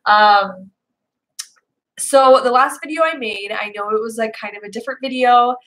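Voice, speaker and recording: Young female vlogger, casual live chat, bright, lively tone, loose and rambling. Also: fairly high pitch, moderate pace, low-quality recording. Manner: chatty, rambling, many fillers. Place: indoors at home, Seattle.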